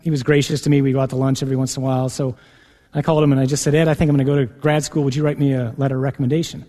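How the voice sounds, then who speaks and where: A man, a priest, telling his own vocation story as a sermon, acting out the conversations with lively rises in his voice. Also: very fast. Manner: lively storyteller, acts out dialogue with rising pitch. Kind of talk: personal testimony sermon. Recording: long hall reverb.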